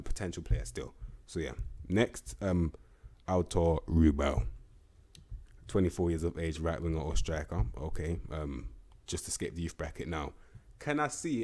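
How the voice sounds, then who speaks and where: A young man giving casual, slang-heavy commentary on a football management game, animated and swearing freely. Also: sits low. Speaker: gaming YouTuber.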